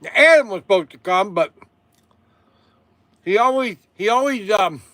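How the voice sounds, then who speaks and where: A man's voice: sits high, animated, normal speed, bright, forceful tone, dry recording. An older man hosting a live chat from his shop, rambling and interrupting himself with chuckles. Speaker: shop owner and show host.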